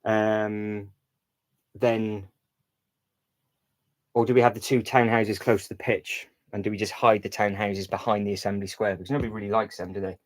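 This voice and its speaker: Low-voiced man chatting on a livestream. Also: little pitch movement, normal speed, pauses often, poor audio. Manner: rambling, thinking aloud, frequent restarts and fillers. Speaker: livestream host. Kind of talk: casual live-stream chat while building.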